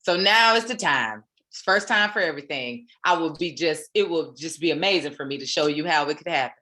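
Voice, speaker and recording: Her voice is low, bright and forceful, with lively intonation and a slightly fast pace. She's a motivational host leading a weekly session online from home, preaching playfully and sprinkling in Black American slang.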